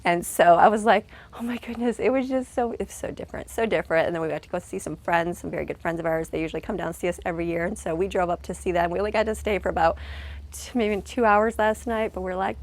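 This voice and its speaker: A middle-aged mother vlogs casually in a fairly low, quick voice. She's earnest and emotional, rambling, restarting often and offering heartfelt thanks.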